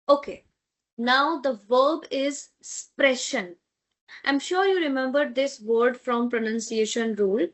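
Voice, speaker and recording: A woman leads an online language lesson at an unhurried pace. Her voice sits a little high, and she repeats each phrase patiently so learners can echo it. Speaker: language teacher.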